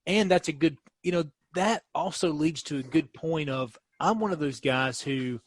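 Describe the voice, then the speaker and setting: A man's voice: on the high side, normal speed. A man, a dentist guest telling stories in a casual podcast chat. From Kentucky. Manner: storytelling, animated, restarts often.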